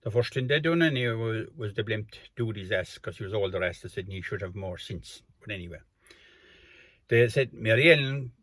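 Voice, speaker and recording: An older Kerry Irish man tells a rambling country story in a low, husky voice. He drifts through asides in a loose, colloquial way. The sound is dry and close, with no room around it. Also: lively intonation, brisk, a bit bright, no echo. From Ireland. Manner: meandering, colloquial, acts out quoted voices. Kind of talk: rambling rural folk storytelling.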